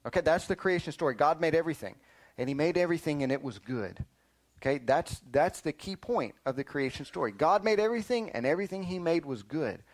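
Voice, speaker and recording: A man teaching a lively Bible lesson to children, quizzing them and often calling "listen up" to get their attention. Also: on the high side, brisk. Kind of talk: animated Sunday school lesson.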